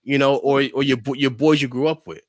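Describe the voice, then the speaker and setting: A man from New York telling stories in casual podcast chat, animated and full of fillers, acting out the voices of people he quotes. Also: medium pitch, fairly quick, dry recording, studio quality. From New Rochelle, New York.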